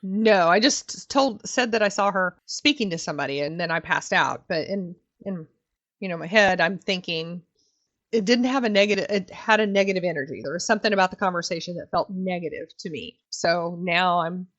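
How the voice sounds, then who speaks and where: A woman's voice: lowish voice, a little fast, a bit bright. A woman playing in a tabletop game, talking through her thoughts in a rambling, thoughtful way. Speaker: player. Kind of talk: casual tabletop role-play. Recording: muffled lo-fi mic.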